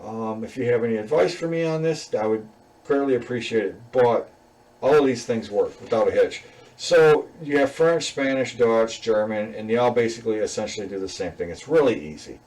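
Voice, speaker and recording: Relaxed rambling man, a little off-mic. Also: mid-range voice, normal speed, distant mic, rough recording. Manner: relaxed, rambling, many fillers and chuckles. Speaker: student presenting a class assignment. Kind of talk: casual screen-recorded code walkthrough.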